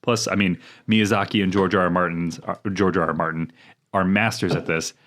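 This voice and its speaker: A man co-hosting a casual gaming podcast, joking around and reading game notes aloud in a relaxed way. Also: deep voice, a little fast. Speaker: podcast co-host.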